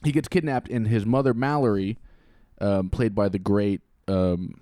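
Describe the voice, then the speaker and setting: A man's voice: on the low side, fairly even intonation, moderate pace, dark tone, dry recording, clean studio sound. A young man co-hosting a casual podcast, rambling with many restarts and the odd swear word. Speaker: podcast co-host.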